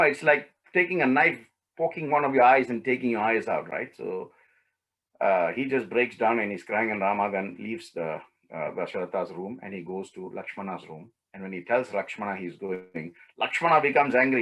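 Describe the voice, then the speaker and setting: A man teaches a spiritual lesson by retelling an ancient story. His voice is breathy and a little husky, at a middle pitch. He speaks the characters' lines himself and keeps checking in with his listeners. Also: fairly bright tone, low-quality recording. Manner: acts out characters' lines in the retelling, often asks "right?".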